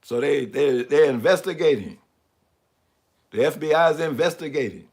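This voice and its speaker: Man, sarcastic live stream commentary, mocking tone, chuckles, slightly higher voice. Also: expressive, moderate pace, a little mellow. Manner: asks for the next image as he talks through slides. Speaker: speaker commenting on news images.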